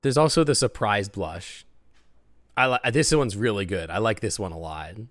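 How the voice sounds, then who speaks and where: A man's voice: lowish voice, normal speed, fairly bright tone, no echo, studio quality. A man commentating a game on a live stream, playful and joking. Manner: playful, joking, laughs often.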